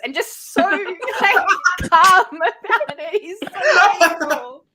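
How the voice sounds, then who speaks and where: A woman chatting on a livestream, animated and quick to laugh, swearing freely. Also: extremely high pitch. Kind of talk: casual livestream chat.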